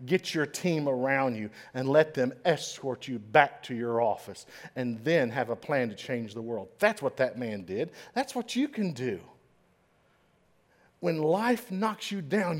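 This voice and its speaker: A middle-aged man giving an inspirational speech, telling a story dramatically and swinging between hushed and loud. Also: medium pitch. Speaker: motivational speaker. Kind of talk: inspirational speech to a live audience.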